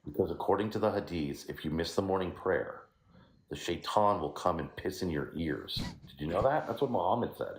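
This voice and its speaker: Deep-voiced taunting man in echoey room. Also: fairly quick. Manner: taunting, deadpan provocation. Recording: echoey room with faint noise.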